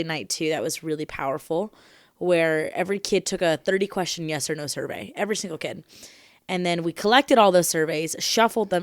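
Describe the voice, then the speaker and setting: Blunt, teasing young woman, low and dry. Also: dry recording. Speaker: podcast co-host. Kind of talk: casual chat.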